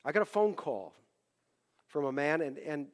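Impassioned preacher in a hall. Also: male voice, fairly high pitch, animated, moderate pace. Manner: impassioned, climbs into loud emphatic peaks. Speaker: pastor. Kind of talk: sermon.

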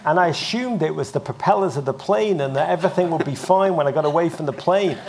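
An English man in his fifties, a broadcaster telling lively, self-mocking stories as a guest in a live interview. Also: a little high, fast talker, creaky. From England. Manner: animated, self-mocking anecdotes with frequent restarts. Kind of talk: live on-stage interview storytelling.

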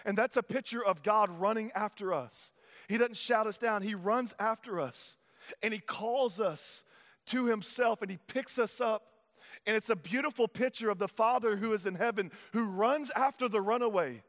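A man, preaching a sermon as pastor, moving between hushed, intimate passages and loud, urgent ones. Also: high voice, normal speed. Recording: hall reverb.

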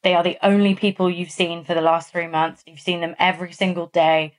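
A woman's voice: fairly low pitch, a little fast. Chatty woman podcast host telling stories. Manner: animated storytelling with many fillers. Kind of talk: casual chat.

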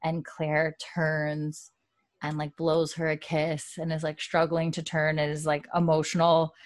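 A woman's voice: low-pitched, completely flat delivery, measured pace, no room sound. A young woman casually recapping a TV episode, chatty and full of "like" fillers as she acts out the characters' lines. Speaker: podcast host.

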